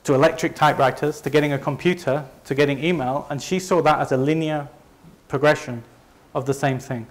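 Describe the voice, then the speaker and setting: A man's voice: on the high side, fairly even intonation, fairly quick, hardly any pauses. A man from Leeds with a Northern English accent, giving a conversational, self-deprecating presentation to a live audience. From north of England. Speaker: company presenter.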